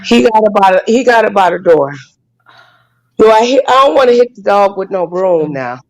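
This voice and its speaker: A woman's voice: mid-range voice, lively intonation, normal speed, rough recording. A woman hosting a casual live chat, exclaiming and calling out to her dog. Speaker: host.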